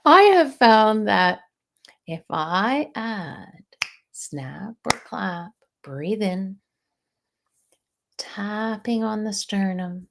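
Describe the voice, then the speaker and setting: A woman hosting a live session as a stress management coach, speaking in a slow, soothing, guiding way with some softly breathed phrases. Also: mid-range voice, expressive, creaky.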